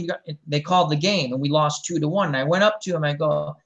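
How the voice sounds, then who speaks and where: A middle-aged man hosting a casual chat, telling a long story in a rambling, animated way and acting out the quotes. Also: a little high, a little fast, hardly any pauses, rough recording. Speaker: show host.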